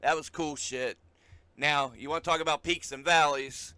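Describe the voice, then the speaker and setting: A man's voice: a little high, steady tone, moderate pace, pushed and bright, smooth, no echo. A man hosting a podcast in casual chat, enthusiastic and swearing freely as he tells a story. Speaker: podcast host.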